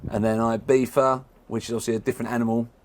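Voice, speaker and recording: A man hosting a podcast, asking questions in a casual interview and often putting in quick yeahs. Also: medium pitch, level tone, a little mellow. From England. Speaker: podcast host.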